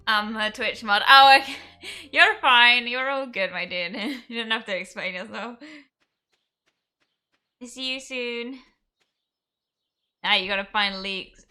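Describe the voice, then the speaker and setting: A young woman chatting casually on a game stream; excitable, she laughs often and swears freely. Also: fairly high pitch, slow, pauses often. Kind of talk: casual live-stream chat.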